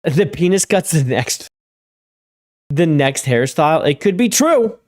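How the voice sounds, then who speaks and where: A man's voice: fairly high pitch, sing-song, unhurried. A man hosting a gaming news stream, talking loosely and conversationally with lots of filler words and asides to his chat. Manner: talks to chat viewers directly. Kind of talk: casual live-stream commentary.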